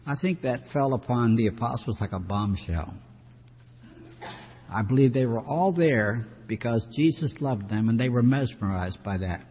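Guy giving a folksy sermon, kinda husky, big echoey hall sound. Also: mid-range voice, a little mellow. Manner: conversational, folksy teaching with asides. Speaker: pastor. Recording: dull lo-fi recording with long hall reverb.

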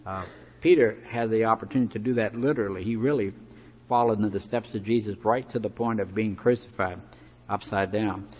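A man's voice: fairly low pitch, fairly quick, breathy edge. A man preaching a sermon in a folksy, conversational way, with asides and fillers. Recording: echoey hall, dull lo-fi recording.

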